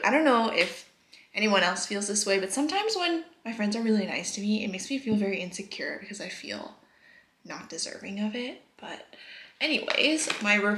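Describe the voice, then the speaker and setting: A woman in her twenties chatting casually in a vlog, gushing and soft-spoken, sometimes dropping to a whisper. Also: mid-range voice. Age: 20s. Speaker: vlogger. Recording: echoey room with faint noise.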